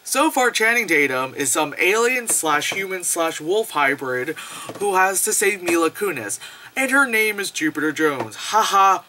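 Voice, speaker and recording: Animated, sarcastic movie reviewer ranting. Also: mid-range voice, a little slow, noisy background. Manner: animated, profane, sarcastic, laughs often.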